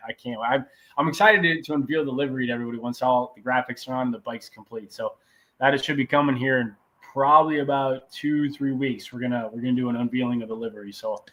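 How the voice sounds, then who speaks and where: A laid-back man talks casually as a guest on a podcast, sounding enthusiastic. His voice sits at an ordinary pitch for a man. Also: steady tone, quick pace, fairly bright tone. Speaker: podcast guest, racer and shop owner. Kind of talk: casual chat.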